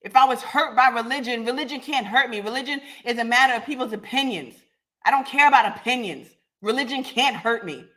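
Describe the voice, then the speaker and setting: A woman's voice: fairly high pitch, fairly quick, bright, forceful tone. A woman hosting a live podcast, talking bluntly and confrontationally with heavy swearing. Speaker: podcast host.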